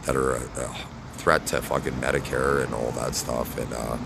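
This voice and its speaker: A man talking casually to camera in a rambling, halting monologue full of fillers and tag questions. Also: a bass voice, level tone, vocal fry, background noise. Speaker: vlogger.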